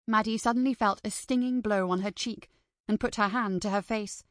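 A woman's voice: mid-range voice, steady tone, moderate pace, no room sound. Woman narrating an audiobook, dry and close. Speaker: audiobook reader. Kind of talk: scripted narration.

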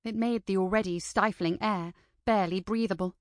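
A woman reading a novel aloud in steady, scripted narration. Her voice sits at a middle pitch for a woman. The sound is close and dry, with no room around it. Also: brisk, no room sound. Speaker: audiobook reader.

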